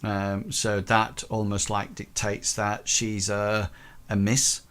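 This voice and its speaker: Guy running a horror rpg, low voice, lots of ums and likes. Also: monotone, a bit bright, clean tone. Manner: halting, full of ums and likes. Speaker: game master. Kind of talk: narrating a tabletop game.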